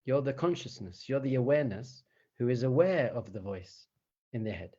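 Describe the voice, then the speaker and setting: A man teaching meditation as a rabbi, in an animated, conversational way. He chuckles often and poses rhetorical questions to his listeners in a mid-pitched voice. The recording is slightly dull and lo-fi. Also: moderate pace, slightly rough.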